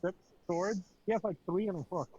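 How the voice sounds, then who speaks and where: Offhand man with a slightly high voice. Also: fairly quick, a little mellow, dry recording, dull audio. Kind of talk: casual aside chat.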